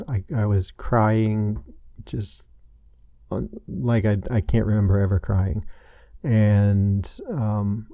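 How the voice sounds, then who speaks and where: A man in his thirties speaks in a low, very dark, mellow voice, talking through something painful. He stops and restarts often, leaning on fillers as he goes. The sound is dry and close, with no room around it. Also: no room sound. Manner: halting, many restarts and fillers, emotional. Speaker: podcast host. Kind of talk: personal confessional monologue.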